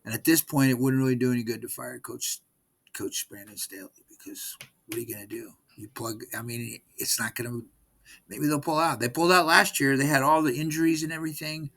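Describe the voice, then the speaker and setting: A man's voice: medium pitch, steady tone, brisk, gravelly, fairly bright tone. A man in his sixties giving a rambling, exasperated recap of his team's game in casual vlog talk, often repeating himself. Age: 60s. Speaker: sports fan vlogger.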